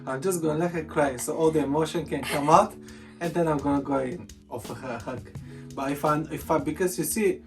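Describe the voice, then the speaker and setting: A man's voice: a little high, fairly quick, gravelly. A man chatting casually as a vlogger about being a partner, joking and repeating his words. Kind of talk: casual chat. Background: soft guitar music.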